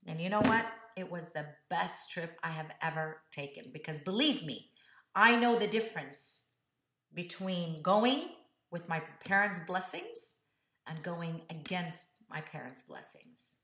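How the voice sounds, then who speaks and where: A woman vlogger telling a personal story in an animated, earnest way. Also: lowish voice, a little slow, roomy sound.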